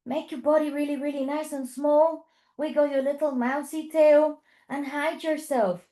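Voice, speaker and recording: A woman's voice: high-pitched, steady tone, moderate pace, warm tone. A woman leading a toddler yoga class in a sing-song, encouraging way, with playful animal sounds. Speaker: children's yoga teacher. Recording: echoey room.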